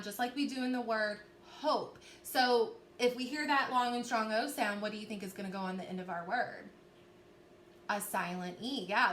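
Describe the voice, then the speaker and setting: Bright-voiced woman teaching phonics. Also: a little high. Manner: slow, clear, encouraging classroom delivery with drawn-out sounds. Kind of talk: recorded phonics lesson for young children. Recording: echoey room with faint background noise.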